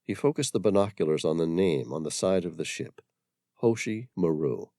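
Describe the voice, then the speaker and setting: A man narrates a thriller with measured drama, his low voice moving expressively through each line. The studio recording is close and dry. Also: lively intonation, dark tone, dry recording. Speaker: audiobook narrator.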